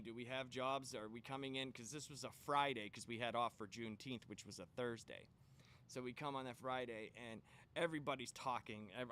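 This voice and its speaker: A man hosting a comic book channel, telling a long story in a casual, animated way and swearing when he gets worked up. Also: medium pitch.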